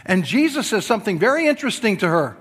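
A man preaching a sermon as pastor to a church congregation, swinging from loud emphatic passages to soft quiet asides and joking with the listeners. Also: sits high, big pitch swings, quick pace, breathy edge, in a large hall. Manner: jokes with the congregation.

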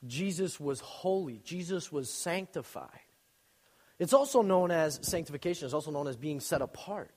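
A young man giving a casual, joking sermon, telling stories with sudden loud bursts and quick asides. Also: a little high. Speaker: youth speaker. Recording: long reverb in a hall.

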